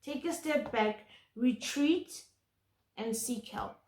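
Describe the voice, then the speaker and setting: A woman's voice: a little high, takes it slowly, a little mellow, reverberant. A woman giving an intuitive tarot reading to camera, earnest and emphatic, often repeating words for stress. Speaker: tarot reader.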